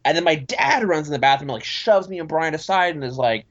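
A man's voice: a little high, quick pace, dull audio. A man on a podcast telling a long childhood story in casual chat, rambling and acting out the voices of people in it. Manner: animated, rambling, acts out voices in his story. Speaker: podcast guest.

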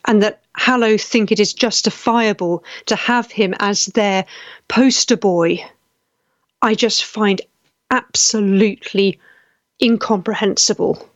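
A woman's voice: mid-range voice, dry recording, lo-fi sound. A woman hosting a live talk show, speaking with indignation, often restarting her sentences as she reads viewer comments. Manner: indignant, halting with frequent restarts. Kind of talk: casual live-stream commentary.

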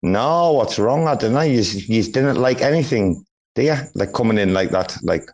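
A man's voice: lowish voice, expressive, normal speed, a little mellow. A man in his forties, rambling and swearing freely in a casual group audio chat, with frequent restarts. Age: 40s.

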